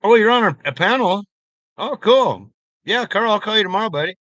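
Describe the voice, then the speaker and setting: Rambly guy on a stream talking to his chat, swears a lot, highish voice, pretty dry sound. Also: animated, fairly quick, pushed and bright, dry recording, lo-fi sound. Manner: rambling, profane, talks to chat by name. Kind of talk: casual live-stream chat.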